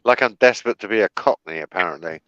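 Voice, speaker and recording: A man's voice: deep voice, fast talker, fairly bright tone, no room sound, highs cut off. A man with an English accent in a casual online group chat, joking and swearing often. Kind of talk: casual banter.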